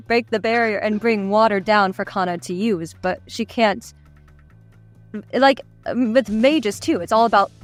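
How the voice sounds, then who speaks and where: A woman talking as a voice actor guest on a podcast, enthusiastic and quick to laugh. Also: medium pitch, no room sound. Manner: enthusiastic, laughs often, trails off. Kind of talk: casual podcast chat.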